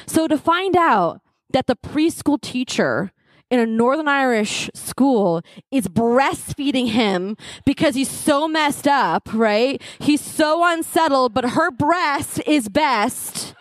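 A woman's voice: high-pitched, animated, slow, no echo. An American woman in her thirties telling a comic, self-deprecating story to an audience as a conference speaker. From United States. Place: live event stage.

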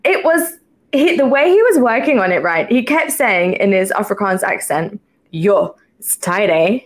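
A woman hosting a podcast, telling stories in a giggly, animated way. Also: on the high side, normal speed. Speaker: podcast host. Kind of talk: casual interview chat.

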